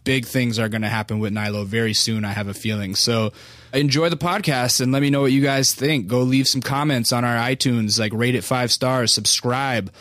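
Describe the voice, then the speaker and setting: A man's voice: mid-range voice, fairly even intonation, normal speed, fairly bright tone, no echo. A young man hosting a podcast, telling a personal story in a candid, casual way, swearing freely and full of fillers. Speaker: podcast host.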